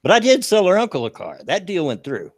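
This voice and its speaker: A man's voice: sits high, wildly swooping pitch, quick pace, no room sound, clean studio sound. A man hosting a casual talk show, telling a story with frequent chuckles and restarts. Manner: chatty, laughs through his own story, frequent restarts.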